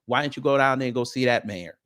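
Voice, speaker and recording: A male streamer rants at his audience and fires off question after question in a mocking tone. His pitch sits in the middle and he laughs with scorn as he talks. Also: clear, resonant tone. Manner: animated, mocking, rapid rhetorical questions. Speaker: political commentary host. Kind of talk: ranting live-stream commentary.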